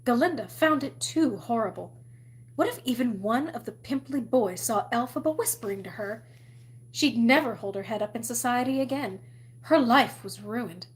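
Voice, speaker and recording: A woman reading a novel aloud in an expressive storytelling manner. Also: fairly high pitch, moderate pace. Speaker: reader.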